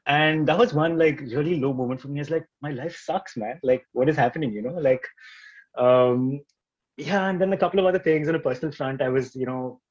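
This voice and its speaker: A quick-talking man chats as a podcast guest, loose and slangy, dropping "like" and "man" all the time. His voice comes through a dull, lo-fi recording. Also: on the high side. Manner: laid-back, slangy, peppered with "like" and "man". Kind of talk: casual conversation.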